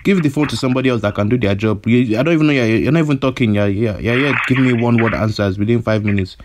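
A man's voice: medium pitch, quick pace, background noise, lightly acted. A prank caller voicing a hot-headed male kidnapper who stammers and repeats himself, his threats escalating. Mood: irritated. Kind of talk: prank phone call.

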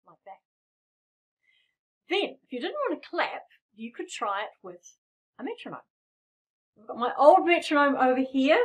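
This high-pitched, very animated woman speaks at a moderate pace with long pauses. Middle-aged and playful, she encourages her piano student and explains rhythms as she demonstrates them, the piano audible behind her.

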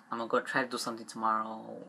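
Stressed young guy venting to his camera, bright voice, stops and restarts a lot, faint hiss. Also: mid-range voice, monotone, vocal fry. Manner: halting, restarts, trails off, frequent swearing. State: upset and stressed. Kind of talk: rambling confessional vlog.

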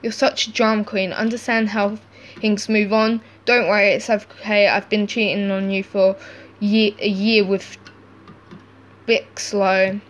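A woman reading chat stories aloud, acting out each texter with lively shifts in tone. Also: medium pitch, a little slow, muffled recording. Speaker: channel host reading text stories.

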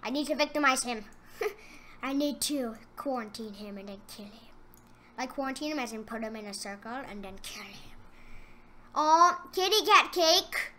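A high-pitched woman commentating her own gameplay in a bright, sharp voice. She gets excitable and trash-talks the other players, then slips into quiet mumbled asides. It sounds like a casual gaming channel video. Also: moderate pace, a little hiss or hum.

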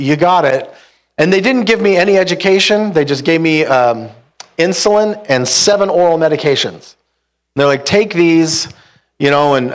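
A young man preaching a sermon as pastor, telling a personal story with comic acted-out dialogue and frequent laughs. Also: a little high. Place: church hall with live congregation.

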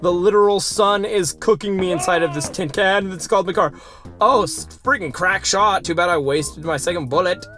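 A let's play host giving casual gameplay commentary, goofy and chatty, talking to enemies and making silly sound effects with sudden excited outbursts. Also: mid-range voice, moderate pace, faint music behind.

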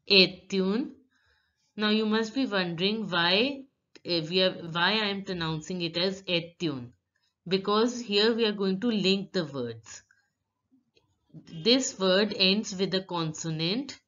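A woman teaching French pronunciation, reading words out slowly and explaining each sound step by step. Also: mid-range voice, a bit bright. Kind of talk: slow pronunciation lesson. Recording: dull lo-fi recording.

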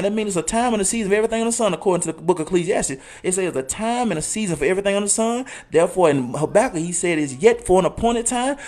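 A man in his thirties, an online coach, giving a fervent motivational talk that swings from low and hushed to loud and high, repeating phrases for emphasis and quoting scripture. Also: lively intonation, very fast, few pauses. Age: 30s. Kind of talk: motivational talk on a live show.

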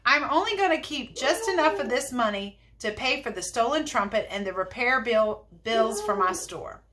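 Storybook storekeeper, excited, high and bouncy, done by a woman reader. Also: normal speed, background noise, natural voice. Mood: eager. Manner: high, eager, exclamatory. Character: excited generous male storekeeper, loud and cheery.

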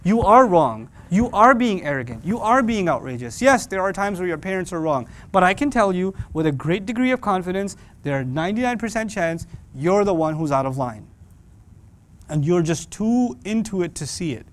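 A man giving an animated, joking sermon, mixing in Quranic Arabic recitation. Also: high voice, normal speed. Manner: animated, joking, acts out quoted voices. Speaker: Islamic speaker.

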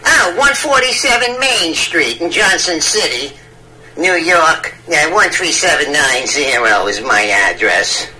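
A man's voice: fairly high pitch, very animated, unhurried, bright, forceful tone, a little hiss or hum, heavily acted. A man voicing a rambling 73-year-old man on a prank phone call, stammering and cackling while he mixes up idioms. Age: old man persona. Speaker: scam baiter.

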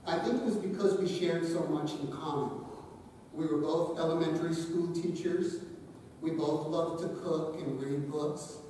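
An older man, the son-in-law, delivering a memorial eulogy with gentle storytelling and light humor. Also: a little high, fairly even intonation, a little slow. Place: large echoing hall. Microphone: distant. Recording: echoey hall, distant mic, faint hiss.

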